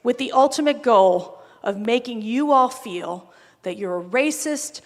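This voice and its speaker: A woman telling lively anecdotes to a crowd at an event, emphatic and rousing. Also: on the high side, measured pace. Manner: animated, emphatic, builds to rousing calls. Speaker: speaker at a political event. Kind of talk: storytelling speech to a crowd. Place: event venue before a crowd. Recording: reverberant event hall.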